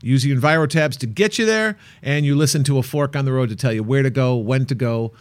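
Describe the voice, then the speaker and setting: A man's voice: mid-range voice, quick pace, no echo. A man telling a playful travel story. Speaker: co-host of a travel show. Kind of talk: casual chat.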